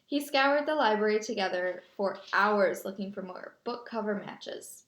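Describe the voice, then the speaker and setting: Woman reading a story with some fry. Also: mid-range voice, unhurried. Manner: lively storytelling, voicing characters. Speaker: audiobook narrator. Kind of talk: reading a children's novel aloud. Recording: echoey room.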